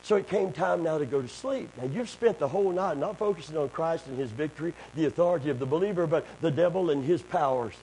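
A man preaching a sermon, calling for amens and building up to shouting. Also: a little high, animated, quick pace, few pauses, a little hiss or hum. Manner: call-and-response, building to shouting.

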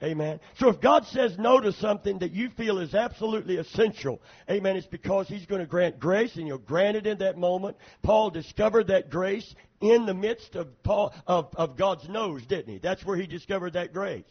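A male pastor preaches from the pulpit with a high, slightly husky voice, pulling frequent amens from his congregation. He drifts between soft, confiding asides and loud, fervent stretches of prayer. The church recording sounds dull and lo-fi, like an old sermon tape. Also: normal speed, few pauses. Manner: preaching with frequent calls for amen.

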